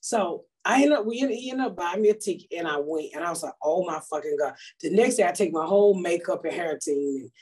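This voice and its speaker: A woman hosting a podcast, telling stories loudly and profanely in casual chat. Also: fairly low pitch, fast, hardly any pauses, slightly rough. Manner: loud, profane, animated storytelling. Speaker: podcast host.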